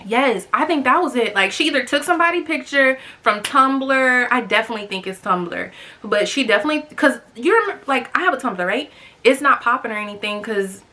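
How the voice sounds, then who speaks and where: Young woman vlogger, casual storyteller, bright and a bit high. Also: lively intonation, fairly quick. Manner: chatty, lots of "like" fillers, addresses viewers as y'all.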